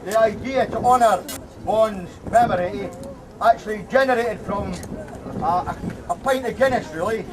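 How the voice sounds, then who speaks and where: A high-voiced Scottish man with a local Angus accent addresses a crowd outdoors, his delivery plain and halting, full of fillers and restarts. He sounds set back from the microphone, with street traffic rumbling clearly behind him. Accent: Scottish, Angus (Kirriemuir). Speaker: community councillor giving a speech. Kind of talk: public speech at an outdoor unveiling, then reading a letter aloud. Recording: distant outdoor recording with traffic noise.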